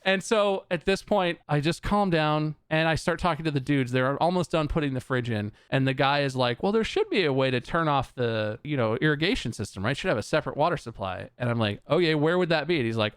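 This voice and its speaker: A man's voice: medium pitch, animated, a little fast, clean tone, dry recording, studio quality. A man telling a long exasperated story on a podcast, swearing often and acting out both sides of the conversation. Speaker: podcast co-host. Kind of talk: casual storytelling rant.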